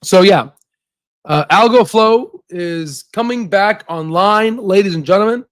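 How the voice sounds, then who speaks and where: A man hosting a casual stock investing livestream, joking and hyping, with sudden shouted bursts and constant "right?" asides. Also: high-pitched, a little slow, no echo.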